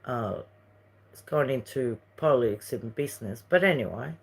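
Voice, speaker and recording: A woman's voice: rumbling low, animated, moderate pace, creaky, breathy edge. A woman from Uruguay with a Uruguayan Spanish accent, chatting casually on a livestream, rambling between topics and reading viewer messages. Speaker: livestream host.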